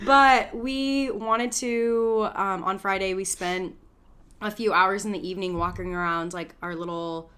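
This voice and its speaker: Animated woman telling a story, swearing freely. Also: mid-range voice, a little slow, smooth. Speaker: podcast co-host. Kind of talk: casual chat.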